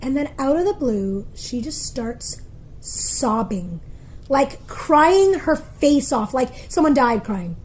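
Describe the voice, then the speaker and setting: A woman with a high, bright-pitched voice tells a story in a relaxed interview. She is animated and jumps into other people's voices as she goes. A faint ambient hum sits under her speech. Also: slow. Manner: animated, acts out quoted voices. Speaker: guest, motivational speaker.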